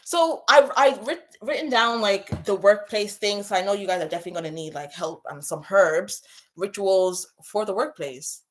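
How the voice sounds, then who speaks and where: A woman hosting a casual livestream as a spiritual coach, passionately chatting, repeating herself and giving viewers shout-outs. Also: mid-range voice, normal speed. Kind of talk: casual livestream chat reading out comments.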